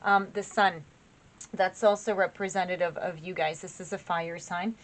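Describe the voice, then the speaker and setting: A woman with a lowish voice, fairly even intonation, and normal speed gives a casual spoken tarot reading. Chatty and encouraging, she addresses her viewers as "you guys" and speaks loosely, with frequent fillers and restarts.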